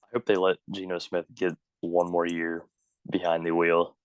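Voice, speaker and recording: A young man with a very deep, flat voice talks sports on a podcast and throws in dry, wry one-liners. He stays level and even. The sound is close and dry. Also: normal speed, smooth, dry recording, dull audio. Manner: short wry quips. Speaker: podcast co-host. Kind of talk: casual sports chat.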